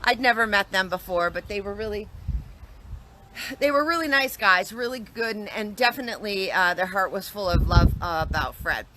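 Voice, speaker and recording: A woman's voice: mid-range voice, expressive, moderate pace, sharp tone. A woman telling a personal story in a casual, earnest way, often restarting and repeating herself. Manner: earnest, reflective, with frequent restarts and repetitions.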